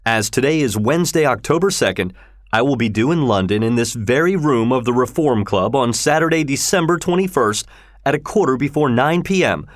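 Unflappable Victorian gentleman, low measured delivery, male narrator. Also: no echo, studio quality, lightly acted. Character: calm, precise Victorian English gentleman.

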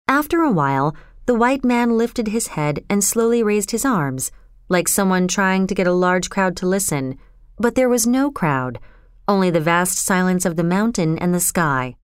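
A woman narrating a novel chapter in a measured, even storytelling manner. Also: lowish voice, clean tone, no room sound, clean studio sound. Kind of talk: audiobook narration.

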